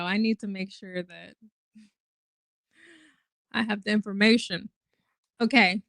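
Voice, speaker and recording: A woman's voice: medium pitch, a little slow, long pauses, a bit bright, no echo. A woman in her twenties hosting a casual livestream, chatting in a rambling way with lots of fillers and swearing. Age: 20s. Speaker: host.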